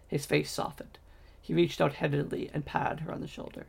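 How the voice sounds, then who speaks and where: A man reading a fantasy novel aloud in a steady storytelling manner, with occasional slips and restarts. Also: fairly high pitch, normal speed, gravelly, slightly rough. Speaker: audiobook reader.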